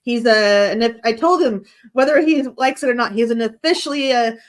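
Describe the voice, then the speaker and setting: A woman's voice: fairly high pitch, a little fast. A woman from the United States, a paranormal investigator, chatting in a rambling way, laughing and correcting herself, and sounding congested. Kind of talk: casual chat.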